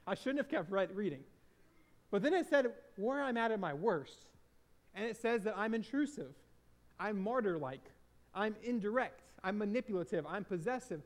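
High-voiced earnest man telling a story. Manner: earnest, confessional, repeats phrases for emphasis. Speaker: speaker and former hospital chaplain. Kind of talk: personal storytelling talk to an audience.

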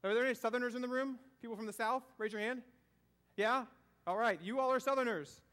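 A man's voice: very high-pitched, fast talker, fairly bright tone. A man from the American South giving a conversational sermon, asking the congregation questions and repeating key phrases. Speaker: preacher.

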